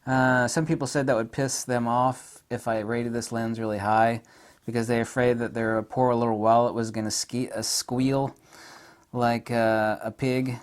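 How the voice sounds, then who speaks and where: A man, rambling excitedly through a camera lens review with gushing asides. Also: mid-range voice, unhurried, smooth.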